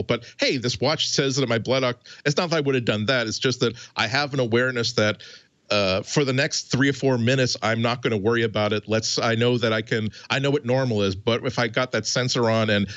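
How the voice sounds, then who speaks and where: A man's voice: mid-range voice, steady tone, a little fast, fairly bright tone, dry recording, highs cut off. A man on a podcast panel in casual tech chat, rambling and stumbling over his words with many restarts.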